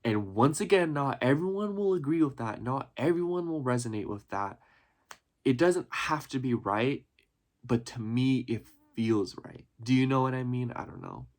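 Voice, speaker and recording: A man's voice: medium pitch, animated, moderate pace, a little mellow. A man vlogging casually about his life, earnest and rambling, full of "you know" and "like", getting emotional at times. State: emotional, near tears at times. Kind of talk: reflective casual vlog talk.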